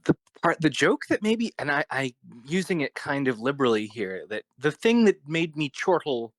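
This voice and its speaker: A man's voice: fairly high pitch, sing-song, moderate pace, no echo. A man co-hosting a movie podcast, mostly brief agreement with a wry, wordy turn of phrase. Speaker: podcast co-host. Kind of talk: casual movie-review chat.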